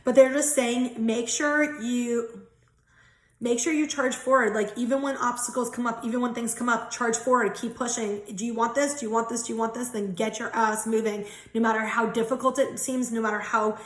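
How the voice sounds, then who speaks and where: Mulher tagarela numa sala com eco. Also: female voice, on the high side, fairly bright tone, roomy sound. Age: 30s. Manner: chatty, giggly, swears casually. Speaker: tarot and angel card reader. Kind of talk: casual spiritual card reading.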